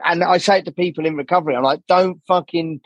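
Husky-voiced man, candid and rambling. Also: on the high side, steady tone, quick pace, no echo, highs cut off. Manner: swears a lot, rambling, acts out quoted people. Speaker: podcast guest, jazz saxophonist. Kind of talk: candid podcast conversation.

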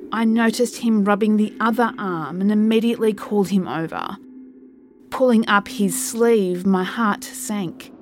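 A woman narrating a first-person horror story in a slow, measured way. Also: mid-range voice, slight background noise.

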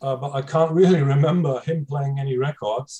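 A man's voice: a little high, fairly even intonation, fast talker, dark tone. A man from Germany whose first language is German, a guest chatting on a video call from a room full of books, talking hesitantly with many fillers and restarts. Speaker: podcast guest. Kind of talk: casual chat on a video call.

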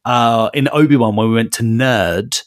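A man's voice: mid-range voice, moderate pace, no room sound. A man co-hosting a podcast in casual chat, rambling and enthusiastic on a close mic. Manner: rambling, enthusiastic, with frequent restarts. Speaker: podcast co-host.

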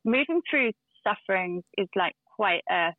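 A woman's voice: mid-range voice, animated, moderate pace, no echo. Woman on a tinny phone line. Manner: earnest, storytelling with restarts and fillers. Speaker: guest. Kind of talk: casual chat.

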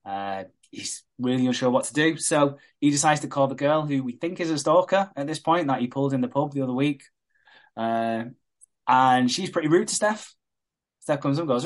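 A man, co-hosting a podcast, retelling a soap plot in a casual, animated way and swearing freely. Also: medium pitch, moderate pace. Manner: animated retelling, swears a lot, laughs often. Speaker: podcast co-host recapping a soap.

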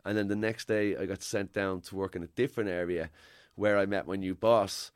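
Irish man, low voice, rambling storyteller, dry close sound. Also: steady tone, brisk, clean tone, no echo. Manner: rambling anecdotal storytelling, swears. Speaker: guest. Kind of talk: casual podcast chat.

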